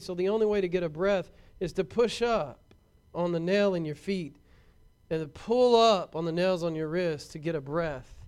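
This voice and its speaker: A man preaching a sermon, animated and emphatic, with touches of humor and repeated words for stress. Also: sits high, smooth.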